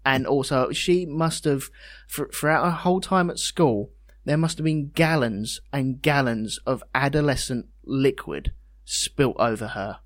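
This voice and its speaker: A man's voice: medium pitch, unhurried, dry recording, clean studio sound. A man guesting on a podcast, telling rambling, cheeky school anecdotes in casual chat.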